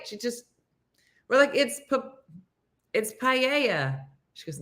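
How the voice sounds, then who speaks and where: A middle-aged woman hosting a morning show, telling a comic story in a casual, animated way and acting out her friends' lines. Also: moderate pace, long pauses. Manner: animated, acts out friends' lines in higher voices, laughs a lot.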